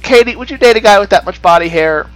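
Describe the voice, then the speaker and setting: A man's voice: sits high, faint music behind, low-quality recording. A man streaming a dating game, joking around and reading game text aloud in a casual way. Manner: jokey and animated, with quick asides and laughter.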